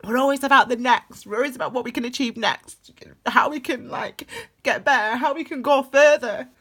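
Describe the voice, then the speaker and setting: A woman's voice: sits high, moderate pace, a bit bright. A woman giving a casual spoken tarot reading, rambling and heartfelt, with frequent laughs. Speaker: tarot reader.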